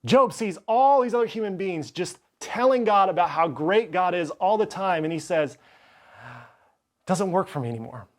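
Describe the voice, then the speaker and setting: A man's voice: high-pitched, normal speed, few pauses. A man preaching a sermon as pastor, reading scripture passages with dramatic delivery. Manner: expressive, reads scripture dramatically.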